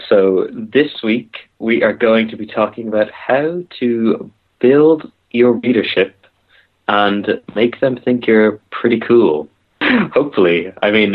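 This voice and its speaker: Wry low-voiced man on a tinny line. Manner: wry, self-deprecating humor. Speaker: podcast co-host. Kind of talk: casual podcast chat.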